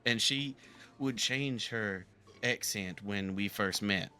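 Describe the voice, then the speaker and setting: A man playing a talkative southern gentleman from the bayou, with a Southern twang, rambling earnestly through a live game roleplay. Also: fairly low pitch, slow pace, faint music behind. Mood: reminiscing.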